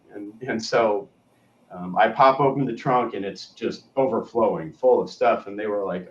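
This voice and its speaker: A man's voice: lowish voice, normal speed. Male co-host, rambling storyteller, muffled lo-fi audio, off-mic. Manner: rambling, trailing off to a murmur. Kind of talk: casual storytelling. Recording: roomy, distant, dull lo-fi sound.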